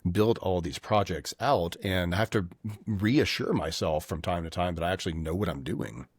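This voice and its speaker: A man with a very low voice speaks candidly and reflectively as a podcast guest. He is from Louisiana. His voice sounds close and dry. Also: moderate pace, breathy edge, dry recording. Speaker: guest, field CTO. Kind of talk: casual podcast conversation.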